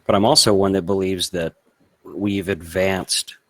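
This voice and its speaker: Very low-voiced man explaining matter-of-factly. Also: steady tone, unhurried, no echo. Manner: confident, explanatory, matter-of-fact with casual swearing. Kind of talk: casual chat.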